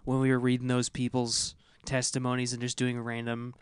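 A man's voice: medium pitch, monotone, brisk, smooth, dry recording, studio quality. A young man hosting a podcast in casual, crude chat, reading out listener numbers and trailing off offhandedly. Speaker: podcast host. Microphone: studio microphone.

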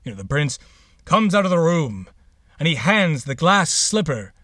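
A man's voice: fairly high pitch, very animated, normal speed, bright, forceful tone, dry recording, studio quality. A man hosting a podcast, introducing the episode in a casual, playful way with sarcastic asides. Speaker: podcast host.

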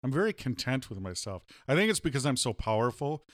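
A man's voice: medium pitch, big pitch swings, brisk, no room sound, clean studio sound. A man co-hosting a casual comedy podcast, joking in a mock-boastful, playful way. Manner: mock-boastful, playful, breaks into loud silly voices. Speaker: podcast co-host.

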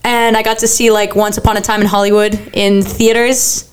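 A woman's voice: mid-range voice, fairly quick. A woman co-hosting a casual movie podcast, chatty and telling stories with lots of fillers. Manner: chatty, animated storytelling, filler likes. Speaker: podcast co-host. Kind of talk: casual chat.

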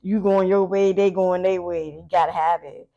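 A woman giving a casual tarot reading to her viewers, talking in a chatty, profane way with animated asides. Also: on the low side, moderate pace, gravelly, lo-fi sound. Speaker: tarot reader.

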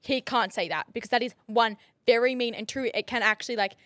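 A woman's voice: a little high, fairly bright tone, no echo, clean studio sound. A young woman in her twenties co-hosting a casual podcast, chiming in and laughing along with her friend. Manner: quick reactions, laughs along. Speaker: podcast co-host. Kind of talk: casual chat.

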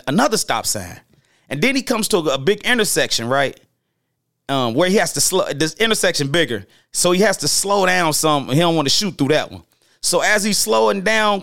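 A storyteller host spins old street stories loosely and casually, in slang-heavy talk full of restarts. His slightly high voice has lots of gravelly fry, and he animatedly acts out the people in the tale with lively pitch jumps. The recording is close and dry, with no room sound.

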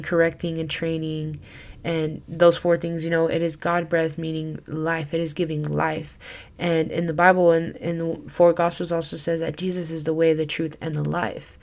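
A woman's voice: low-pitched, a little mellow. A young woman giving a casual Christian teaching talk as a podcast host, earnest and chatty, full of "like" and "you know.".

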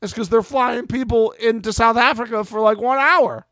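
A man's voice: extremely high pitch, normal speed, fairly bright tone, dry recording, clean studio sound. A man co-hosting a podcast, chatting casually and mockingly about a reality show, swearing freely. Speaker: podcast co-host.

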